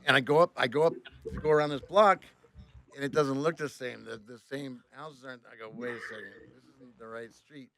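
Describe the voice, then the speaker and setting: A man telling a story as a tour bus driver on a podcast, animated, swearing often and acting out the other voices. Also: mid-range voice, fairly quick. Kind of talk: casual storytelling.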